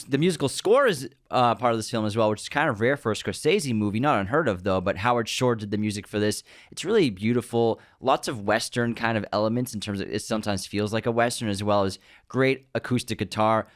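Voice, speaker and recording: Man, film podcast co-host, smooth clear voice, dry close mic, eager fact-listing. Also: fairly low pitch, dry recording. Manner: enthusiastic, reads background facts in rapid lists. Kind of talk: casual film discussion podcast.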